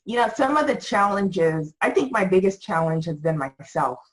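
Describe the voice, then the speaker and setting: A woman's voice: medium pitch, animated, moderate pace, low-quality recording. A woman guest on a podcast, talking reflectively with lots of "you know" fillers. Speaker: podcast guest, business owner. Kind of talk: casual interview talk.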